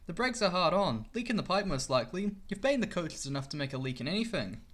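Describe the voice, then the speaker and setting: A man's voice: high-pitched, sing-song, fast, a bit bright, exaggerated voice. A man voicing a practical male engine driver who talks in a matter-of-fact way.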